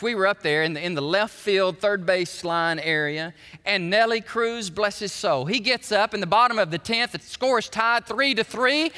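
A man, a pastor preaching a sermon, animated and shifting between quiet prayer and loud shouting. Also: high-pitched. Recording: reverberant hall.

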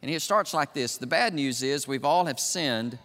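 An older man preaching as a pastor, moving from quiet musing to loud, emphatic declarations. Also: mid-range voice, animated, moderate pace. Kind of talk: sermon. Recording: long reverb of a large hall.

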